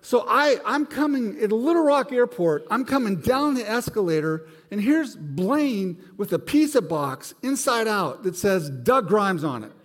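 A male pastor delivers a sermon, telling a story with animated energy and slipping into the voices of its characters. His voice sits a little high for a man. The long reverb of a large church sanctuary rings around every phrase. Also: unhurried, hardly any pauses.

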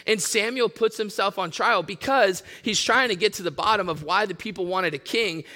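Bright-voiced man preaching in a hall. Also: sits high, moderate pace. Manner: earnest teaching, reads scripture aloud. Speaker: pastor. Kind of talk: sermon.

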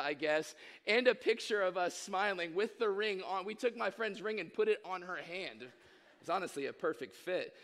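A man's voice: high voice, fairly bright tone. A young adult man preaching a sermon, telling a story animatedly and acting out quotes, a bit under the weather. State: under the weather, occasional coughs. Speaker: pastor.

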